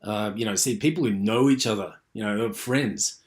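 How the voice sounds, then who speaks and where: A man's voice: on the low side, normal speed. A man giving an unscripted university lecture, rambling with many fillers and restarts.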